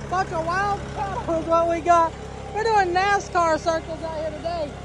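Out in the pasture of her homestead, a woman narrates a casual farm vlog, chatting away and speaking affectionately to her cattle. Her voice is extremely high, steady and at normal speed, while loud engine noise fills the outdoor recording.

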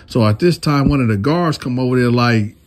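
A man hosting a casual storytime, retelling in an animated, slangy way. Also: mid-range voice, a little fast. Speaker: storyteller, channel host.

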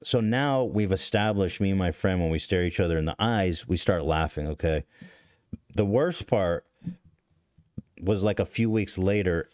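A man's voice: deep voice, a little mellow, no room sound, clean studio sound. A man in his thirties hosting a podcast, telling a story in a rambling, profane, self-deprecating way with frequent restarts. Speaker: podcast host. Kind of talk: casual storytelling to stream chat.

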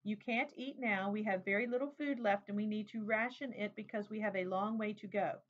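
A woman reading aloud, voicing a weary father who speaks softly and sadly to his small daughter. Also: mid-range voice, fairly even intonation, brisk, muffled recording, close to an everyday voice. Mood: sad, gentle. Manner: soft, sad. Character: weary gentle father, sad and patient.

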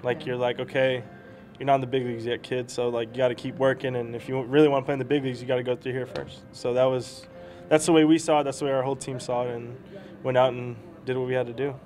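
A young man talks at a rapid clip, rambling through baseball stories with easy laughter. His pitch sits in the middle of the male range. He is a prospect chatting with an interviewer. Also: level tone, a little mellow, soft background music. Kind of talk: casual storytelling interview.

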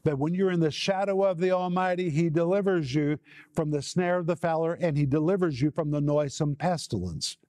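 A man's voice: on the high side, a little fast, a little mellow, dry recording, studio quality. A man delivering a televised Bible teaching, stressing key words by repeating them. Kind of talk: televised sermon.

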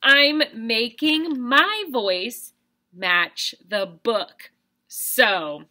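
A woman gives a reading lesson to young children in a bright, ringing voice. She sounds animated and enthusiastic, the way one talks to a kindergarten class. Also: on the low side. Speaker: kindergarten teacher.

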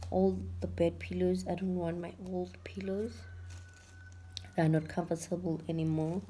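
A young woman vlogging from her bedroom, tired and emotional, talking softly and sometimes dropping to a whisper. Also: fairly low pitch, slight background noise. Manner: tired, emotional, soft-spoken, drifting to a whisper. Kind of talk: casual vlog talk to camera. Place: bedroom at home.

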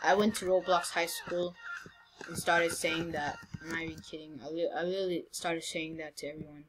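A young woman with a low voice and flat delivery talks a little fast while commentating a game, captured in low quality. Despite the flat tone, her remarks are playful and teasing, peppered with stammers and restarts.

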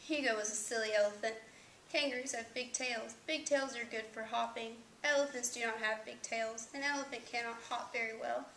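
Woman narrator for a picture book read-aloud; high, gravelly voice, roomy echo. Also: fairly even intonation, brisk, sharp tone, slight background noise. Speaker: children's book reader.

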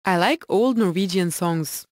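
A woman's voice: lowish voice, measured pace, darkish tone, no echo, studio quality. A woman narrating a scripted language lesson in a reassuring, explanatory way and translating the dialogue into English.

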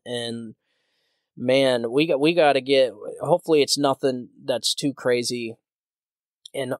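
A man's voice: medium pitch, dry recording, studio quality. A man hosting his own podcast, talking in a heated, ranting way with many restarts and repeated words. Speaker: podcast host. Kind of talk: solo political commentary podcast.

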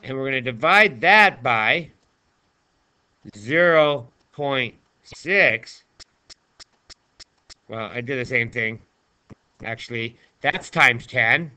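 A man's voice: mid-range voice, animated, slow pace, long pauses, sharp tone, clean tone. A male math teacher talking through a screen-recorded lesson in a chatty, playful way, chatting to himself as he writes.

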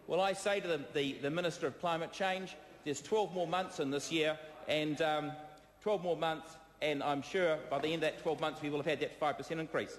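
A man with a New Zealand accent giving a parliamentary debate speech, combative and halting, with many fillers, repeated phrases and replies to hecklers. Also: a little high, fairly even intonation. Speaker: member of parliament. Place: debating chamber. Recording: echoey chamber with long reverb.

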